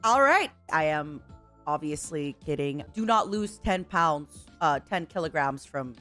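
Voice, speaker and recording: A woman's voice: deep voice, lively intonation, unhurried, bright, forceful tone, soft background music. A woman streamer hosting her farewell stream in casual voice-call chat, playful, teasing and affectionate.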